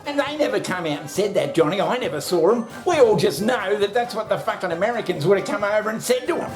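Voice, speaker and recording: A man's voice: high-pitched, animated, fast, few pauses, faint music behind. An Australian man in a casual ranting monologue who swears constantly, fires off rhetorical questions and talks to himself by name. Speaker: vlogger.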